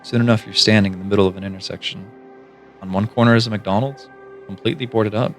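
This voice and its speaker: Male streamer, deep-toned, hushed read-aloud narration, faint background music. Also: fairly even intonation, fast. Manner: hushed, low-key second-person narration. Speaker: streamer reading a gamebook aloud.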